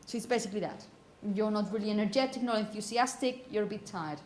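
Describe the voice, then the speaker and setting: A woman teaching a pronunciation class, calling on students and asking "okay?" often, and repeating words slowly. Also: mid-range voice, a little mellow, a little hiss or hum. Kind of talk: classroom phonetics lesson.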